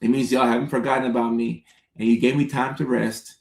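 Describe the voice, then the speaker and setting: Unhurried man with a gravelly voice. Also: medium pitch, little pitch movement, a little mellow, echoey room. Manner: unhurried, talks straight to viewers by name. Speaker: comedian and livestream host answering chat. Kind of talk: casual livestream chat.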